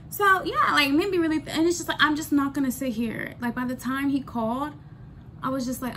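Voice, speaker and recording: A woman's voice: sits high, slight background noise. A woman ranting bluntly in a candid storytime vlog, swearing freely and repeating lines for emphasis. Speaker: vlogger.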